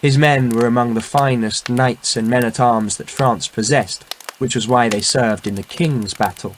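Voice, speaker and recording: A man reading a historical novel aloud in measured, dramatic audiobook narration. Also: medium pitch, steady tone, a little hiss or hum. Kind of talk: scripted narration. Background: faint background music.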